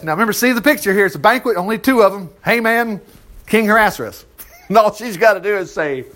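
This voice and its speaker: A man preaching a sermon, reading scripture aloud and retelling it with animated asides. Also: sits high, quick pace. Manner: animated storytelling with asides and laughter. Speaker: pastor.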